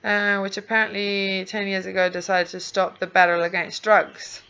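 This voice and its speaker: A woman's voice: mid-range voice, completely flat delivery, moderate pace, bright, forceful tone, smooth, dull audio. A woman whose first language is Spanish, an English teacher giving recorded feedback on a speaking task, patiently sounding out words for pronunciation.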